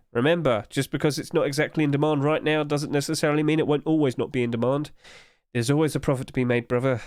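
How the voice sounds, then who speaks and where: A young man, streaming and chatting casually and rambling with animated energy. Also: mid-range voice, no room sound, studio quality. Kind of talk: casual live-stream chat.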